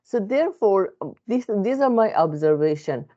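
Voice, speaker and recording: A therapist, a woman with a non-native English accent, earnestly sharing a reflective self-help monologue with many pauses and restarts. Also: mid-range voice, animated, mellow, dull audio. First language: not English.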